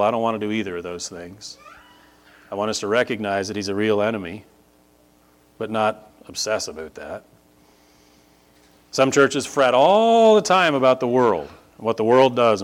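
A man preaching a sermon, moving between quiet conversational asides and loud, drawn-out emphatic peaks. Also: mid-range voice. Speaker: pastor.

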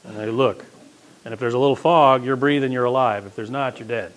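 A man preaching a sermon, his voice sitting in a middle register. He talks to the congregation in a casual, folksy way. He swings from loud, emphatic peaks down to hushed asides. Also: a little fast. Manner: conversational, folksy, with wide swings of pitch and loudness.

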